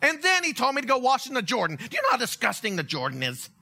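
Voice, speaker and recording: A huffy, proud army commander in a sermon retelling, as a preacher puts him on. The complaints ride a high voice that leaps up and down, with a piercing, bright edge. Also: male voice, wildly swooping pitch, fast, gravelly, exaggerated voice. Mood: indignant. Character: proud indignant army commander, grown man.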